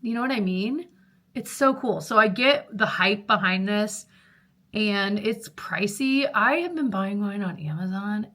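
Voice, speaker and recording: A woman in her thirties chatting casually to camera as a vlogger, rambling with fillers and quick laughs. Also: medium pitch, sharp tone. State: out of breath.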